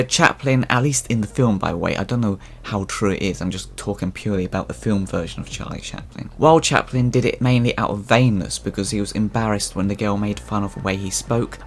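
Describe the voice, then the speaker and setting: A man's voice: fairly low pitch, slight background noise. A man narrating a game lore video in scripted commentary, musing aloud with offhand personal asides.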